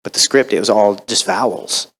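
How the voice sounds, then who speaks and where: A man answering audience questions on a convention panel, chatty and animated, acting out the voices in his stories. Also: on the low side, normal speed. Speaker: voice actor guest on a convention panel.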